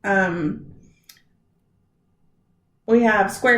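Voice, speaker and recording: A woman teaching a recorded video lesson to her high school English class, talking straight to the students and drawing out her spoken examples. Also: steady tone, roomy sound. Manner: chatty, direct address to students, drawn-out examples. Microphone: computer mic.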